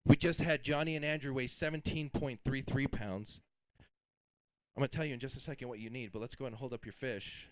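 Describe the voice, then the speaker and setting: A man's voice: mid-range voice, steady tone, brisk, clean tone, no room sound, low-quality recording. A man emceeing a fishing tournament weigh-in, announcing weights and hyping the crowd in an upbeat way.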